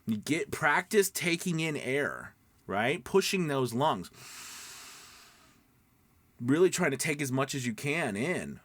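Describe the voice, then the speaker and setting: A man's voice: medium pitch, very animated, slow, long pauses, a bit bright, no echo. A man teaching voice acting in a casual, rambling spoken lesson full of fillers and restarts. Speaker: voice acting coach.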